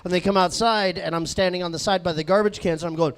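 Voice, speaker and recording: A man's voice: high-pitched, steady tone, quick pace, few pauses, clean tone. A man doing a rowdy stand-up comedy set in a comedy club, baiting the crowd and swearing.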